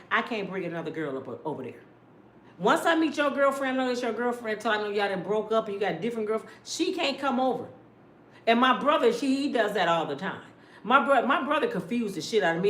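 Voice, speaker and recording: A middle-aged woman giving loud, sassy celebrity gossip commentary, ranting and acting out quotes. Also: fairly high pitch, a little hiss or hum. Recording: echoey room.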